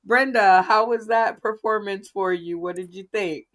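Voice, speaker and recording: A woman's voice: medium pitch, moderate pace, a bit bright. A woman hosting an online comedy game show, asking judges for comments in an easygoing way.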